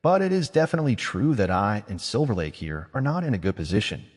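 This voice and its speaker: A man voices a cool, scheming mage who lays out threats in a measured, reasoning tone. The voice sits low and a little husky, and a long reverb trails behind it. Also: sing-song. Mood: calm. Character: calm scheming male mage, coolly persuasive.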